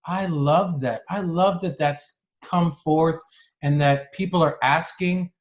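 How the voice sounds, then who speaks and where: A middle-aged man co-hosting a podcast in casual chat, rambling and animated, acting out conversations as he tells stories. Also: a little high, takes it slowly. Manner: animated storyteller, acts out dialogue in voices; rambling, frequent restarts. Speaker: podcast co-host.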